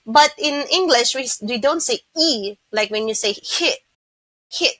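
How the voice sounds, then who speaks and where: Slow, bright Filipino woman teaching. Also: on the high side, animated, no echo, poor audio. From Philippines. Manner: slow, repeats words to model pronunciation. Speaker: English teacher. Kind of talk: pronunciation lesson.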